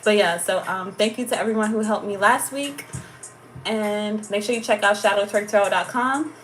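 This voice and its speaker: A woman's voice: medium pitch, normal speed, fairly bright tone, soft background music. An American woman hosting a livestream in a playful, slangy way, laughing often between remarks. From United States. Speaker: tarot channel host. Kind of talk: casual livestream chat.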